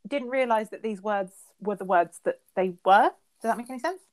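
A woman's voice: medium pitch, brisk, darkish tone. A married woman from England co-hosting a podcast over a call, rambling and self-deprecating as she chats. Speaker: podcast co-host. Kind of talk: casual chat. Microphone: remote call.

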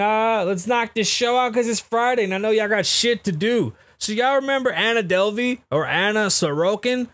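A middle-aged man hosts a casual podcast, ranting bluntly and swearing constantly. His voice sits a little high for a man. The sound is close and dry, with no room echo. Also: a bit bright. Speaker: podcast host. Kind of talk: casual profane commentary.

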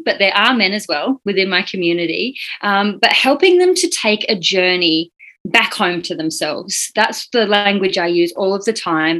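A woman, a podcast guest describing her journaling community, earnest and quick to laugh. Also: medium pitch, pushed and bright, rough recording. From New Zealand. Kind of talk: interview answers.

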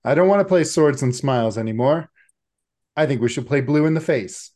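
A man voicing a volatile man in a tabletop game who loudly insists on a violent game. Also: mid-range voice, normal speed, pitched above the performer's own voice, natural voice. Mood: insistent, eager. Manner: loud, insistent outbursts.

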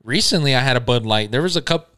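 A man's voice: mid-range voice, animated, quick pace, fairly bright tone, clear, resonant tone, dry recording, clean studio sound. A man in his mid-twenties, co-hosting a podcast in casual chat, laid-back and swearing freely in slang. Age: 20s. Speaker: podcast co-host.

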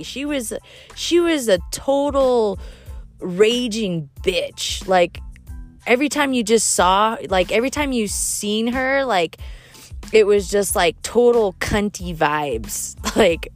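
Brash, slow-talking woman telling gossip. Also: mid-range voice. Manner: brash, profane and gossipy, laughing often. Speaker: storyteller vlogger. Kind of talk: casual storytelling monologue.

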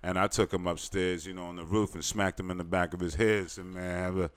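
A man's voice: deep voice, fairly quick, clear, resonant tone, dry recording. Swearing man with hip-hop slang. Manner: profane hip-hop slang, animated questioning. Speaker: podcast host and DJ. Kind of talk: casual podcast interview.

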